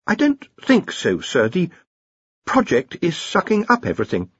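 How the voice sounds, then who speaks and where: A man's voice: fairly high pitch, huge pitch swings, normal speed, breathy edge, no room sound, pitched above the performer's own voice, exaggerated voice. A man voicing a nervous young male wizard assistant who talks hesitantly, in a slightly dull recording. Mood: anxious. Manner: hesitant, rising to urgent pleading.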